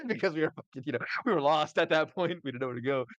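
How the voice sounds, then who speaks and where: A man's voice: a little high, rapid-fire, no echo. Male game master recapping a session, casual and profane, with a dull, dry sound. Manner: laughing, profane storytelling.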